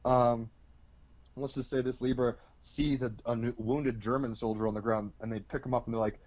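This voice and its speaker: A man on as an astrology guest, telling an animated, rambling story, heavy with fillers. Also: medium pitch, moderate pace, dull audio. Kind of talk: casual storytelling explanation.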